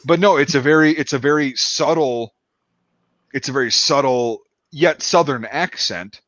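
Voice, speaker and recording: A man's voice: medium pitch, normal speed, a bit bright, dry recording, muffled recording. A man talking casually about his film production, rambling with many fillers and restarts. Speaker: filmmaker discussing his production. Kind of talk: casual podcast chat.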